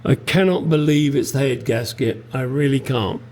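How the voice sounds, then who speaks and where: A man's voice: mid-range voice, normal speed, a little mellow. A middle-aged English man restoring a classic car in his home garage, talking bluntly to the camera and swearing freely. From England. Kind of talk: casual workshop vlog.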